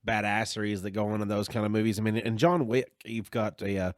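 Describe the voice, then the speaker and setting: A man's voice: on the low side, steady tone, a little fast, no room sound, clean studio sound. A man with a Southern US accent co-hosting a casual podcast chat, rambling with lots of fillers and sidebars. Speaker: podcast co-host.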